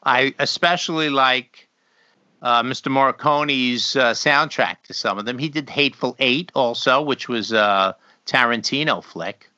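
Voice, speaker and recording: Man, relaxed rambling co-host type, very bright tense voice, dry close sound, slightly dull recording. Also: mid-range voice, unhurried, no room sound. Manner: laid-back, rambling, chuckles between remarks. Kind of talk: casual chat.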